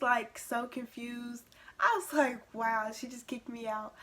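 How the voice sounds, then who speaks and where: Young woman, vlogger, casual storytelling, slightly high voice, acts out quotes. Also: slow pace. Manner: animated retelling, acting out quoted lines.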